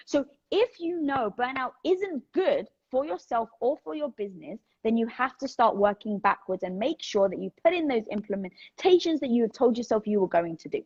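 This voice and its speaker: A woman's voice: a little high, lively intonation, fairly quick, hardly any pauses, a little mellow, slightly rough, muffled recording. A woman with a British accent hosting a casual livestream from home, chatting energetically and candidly as she answers viewer questions. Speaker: host of a livestream. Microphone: phone livestream.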